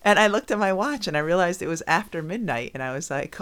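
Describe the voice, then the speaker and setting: A woman's voice: fairly low pitch, lively intonation, fast talker, fairly bright tone. Teasing woman podcast co-host. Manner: teasing, laughs often while talking. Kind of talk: casual chat.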